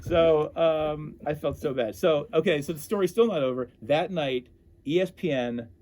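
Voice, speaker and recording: A man telling stories as an interview guest, animated and often breaking off to restart his sentences. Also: on the high side, moderate pace. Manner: animated, self-interrupting storyteller. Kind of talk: casual storytelling.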